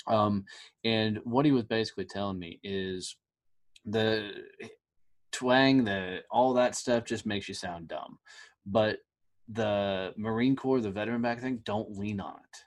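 A middle-aged man hosting a podcast, telling stories in a blunt, profane, animated way. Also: lowish voice, unhurried. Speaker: podcast host. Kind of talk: casual conversational interview.

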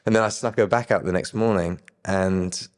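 A young man casually telling his personal faith story, with lively quoted dialogue and chuckles. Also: low-pitched, normal speed, in a large hall. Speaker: guest sharing his faith testimony.

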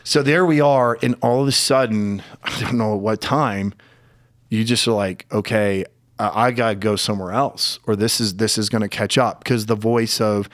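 A middle-aged man tells a personal story in a candid, halting way, and his voice sometimes wavers with emotion. He sits close to the mic in a dry room with no echo. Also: lowish voice, fairly even intonation. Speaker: podcast guest.

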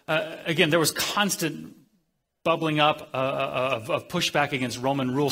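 A male preacher delivering an earnest sermon in a bright, forward voice of ordinary pitch. He stumbles and restarts often, then acts out the words of crowds and officials with dramatic swells. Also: slightly rough.

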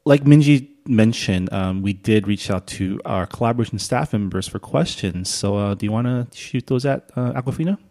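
A man's voice: on the low side, moderate pace, few pauses, dark tone. A man co-hosting a talk show, teasing his guests playfully. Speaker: host. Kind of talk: casual chat.

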